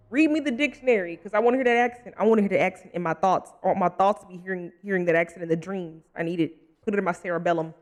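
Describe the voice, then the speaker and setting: A woman streaming a video game, talking over it in loose, playful commentary. She jokes and breaks into laughter often. Her pitch sits in an ordinary middle range. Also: quick pace. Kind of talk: live-stream gaming commentary.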